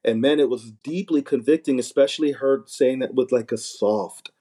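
A man's voice: medium pitch, moderate pace, mellow, breathy edge. A man in casual conversation, talking earnestly and often repeating words as he starts a thought. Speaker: podcast guest, married minister. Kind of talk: casual chat.

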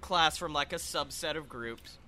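A man's voice: a little high, unhurried, pushed and bright, a little hiss or hum. A young man co-hosting a podcast, chatting casually and laughing often. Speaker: podcast co-host. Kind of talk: casual chat. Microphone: webcam.

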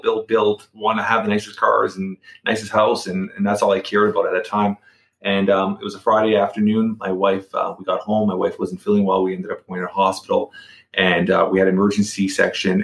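A man's voice: fairly low pitch, echoey room. A middle-aged man telling a personal story as a podcast guest. He talks casually, repeats words and restarts sentences.

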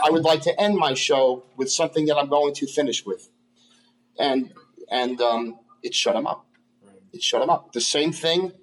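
A man who is a comedian guest, telling stories in a casual interview, halting and restarting often. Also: fairly high pitch, poor audio. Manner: halting, many restarts and fillers.

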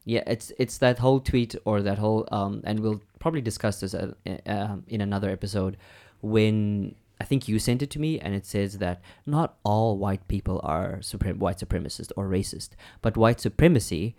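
A young man co-hosting a podcast in a loose, candid chat. His voice sits a little low. He talks with animated frankness, swears freely and breaks into laughter. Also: moderate pace. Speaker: podcast co-host. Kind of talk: casual chat.

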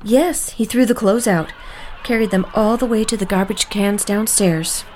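An actress playing a worried housekeeper in an audio drama, speaking in a hushed, confiding way. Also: female voice, medium pitch, normal speed, slight background noise, natural voice. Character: woman, worried family housekeeper.

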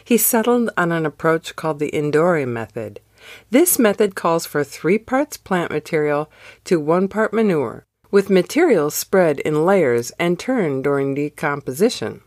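A woman reads a devotional script with slow, storyteller pacing. Her voice sits low, yet it rises and falls with lively, animated inflection. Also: no echo, studio quality. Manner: slow, expressive storytelling read. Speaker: devotional podcast host.

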